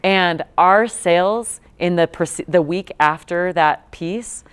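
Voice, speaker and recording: With a fairly low pitch, she speaks slowly and smoothly. A guest speaker who co-founded a nonprofit, this woman in her thirties talks to students in a lecture room, spinning stories in a loose, chatty style full of fillers and restarts.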